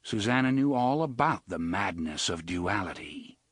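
A man giving an expressive, dramatic audiobook narration on a close studio mic. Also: lowish voice, normal speed, dry recording.

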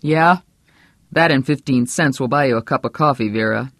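A gruff, blunt husband in his fifties, as an audiobook reader plays him, loud and sarcastic with little patience. The voice stays close to the reader's own, dry and near the mic. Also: mid-range voice, moderate pace, no echo. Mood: grim. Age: 50s. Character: angry, blunt middle-aged husband with a cane.

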